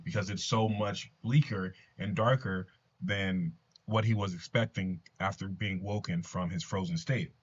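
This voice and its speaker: A man's voice: fairly low pitch, steady tone, normal speed, breathy edge, lo-fi sound. A man casually retelling a comic book story, earnest, with his own asides. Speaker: comics commentator. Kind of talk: casual comic recap narration.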